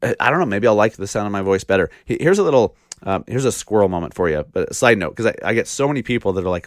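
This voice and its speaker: Blunt deep-voiced man ranting on a podcast. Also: animated, very fast, dry recording, studio quality. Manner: blunt, ranting, rhetorical questions, swears. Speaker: podcast host. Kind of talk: casual solo podcast monologue.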